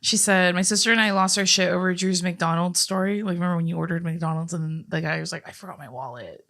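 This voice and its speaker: Young woman co-host, bright and giggly, casual chat. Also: lowish voice, steady tone, fast talker. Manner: giggly, laughs often between lines. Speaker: podcast co-host.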